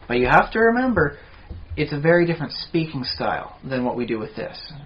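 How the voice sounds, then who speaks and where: A man's voice: fairly high pitch, very animated, brisk. A man co-hosting a podcast in casual chat, explaining at length with asides. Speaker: podcast co-host. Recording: dull lo-fi podcast audio, faint hiss.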